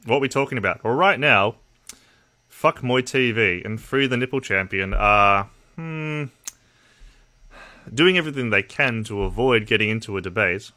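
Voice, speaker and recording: A man's voice: on the low side, normal speed, bright, forceful tone. A man from Australia with an Australian accent, hosting a casual livestream and chatting bluntly and profanely with his viewers. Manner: blunt, profane, talks to chat. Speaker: livestream host.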